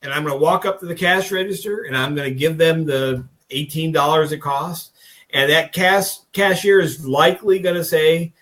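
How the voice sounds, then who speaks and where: A man's voice: on the high side, fairly even intonation, moderate pace, fairly bright tone. Folksy, emphatic male podcast host. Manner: folksy, rambling, emphatic, with mock dialogue. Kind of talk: casual political talk. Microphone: video call.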